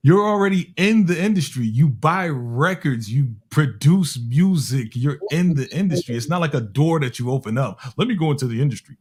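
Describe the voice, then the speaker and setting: A man from Harlem, a music producer telling a story in a casual, animated way and acting out the people in it. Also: fairly high pitch, normal speed, husky. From Harlem, New York. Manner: animated, acts out other people's voices with slang.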